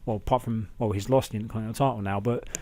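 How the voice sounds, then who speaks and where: A man's voice: on the low side, racing. Chatty man reviewing wrestling. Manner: chatty, excitable, acts out quotes in raised voices. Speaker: podcast host. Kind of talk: casual wrestling review chat.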